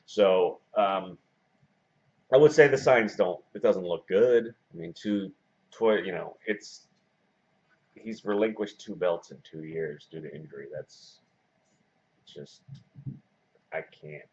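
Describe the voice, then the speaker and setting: A man in his forties hosting a casual wrestling video blog, talking in a self-described monotone and rambling with many fillers and restarts. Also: deep voice, slow, pauses often. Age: 40s. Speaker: wrestling blogger and video host. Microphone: camera mic. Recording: dull lo-fi camera audio.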